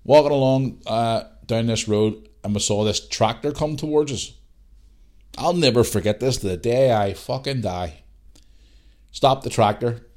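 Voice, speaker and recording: A man's voice: medium pitch, unhurried, a little mellow. A Northern Irish man in his forties, hosting a podcast and telling a rambling story, swearing freely. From Northern Ireland. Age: 40s. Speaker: podcast host. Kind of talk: casual storytelling.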